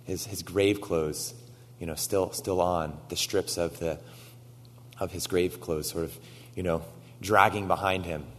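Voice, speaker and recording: A man preaching a sermon, retelling stories with animated quoted lines and frequent "right?" asides. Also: deep voice, measured pace, long reverb tail. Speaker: pastor.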